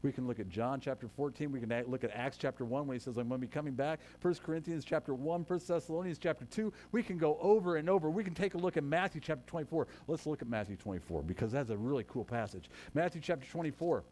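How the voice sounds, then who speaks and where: A man preaching a sermon as a pastor, swinging between loud proclamations and soft, chatty asides, with quick self-corrections. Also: mid-range voice.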